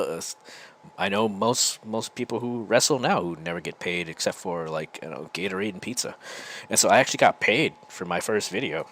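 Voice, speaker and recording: A man's voice: lowish voice, fairly bright tone. An American man hosting a podcast, telling a casual, rambling story full of restarts. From United States. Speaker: podcast host.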